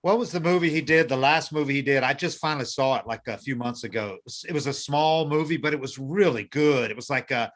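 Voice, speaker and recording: A male podcast host talks in a relaxed, casual way, often stalling and repeating himself while he hunts for a word. His voice sits at a middle pitch. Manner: halting, searches aloud for words. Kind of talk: casual chat.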